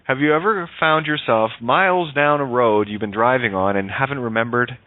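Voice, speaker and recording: A man hosting a casual call-in radio show, animated, swearing and laughing often. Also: mid-range voice, normal speed. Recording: phone-line radio audio.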